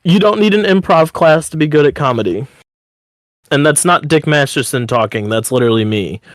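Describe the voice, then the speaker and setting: A man's voice: on the high side, lively intonation, a little fast, no room sound. A man co-hosting a podcast in a casual chat, talking in loose rambling runs full of 'like'. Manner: rambling, upbeat, heavy use of 'like'. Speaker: podcast co-host.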